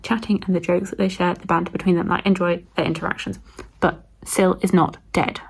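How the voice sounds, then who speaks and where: A woman chatting excitedly about a book in a casual reading vlog, gushing with lots of fillers. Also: fairly low pitch, gravelly, slight background noise. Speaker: book vlogger.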